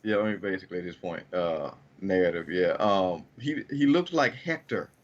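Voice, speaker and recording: A man co-hosting a podcast, talking in a halting way full of fillers and trailing off. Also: low-pitched, lively intonation, highs cut off. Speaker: podcast co-host. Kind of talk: casual chat.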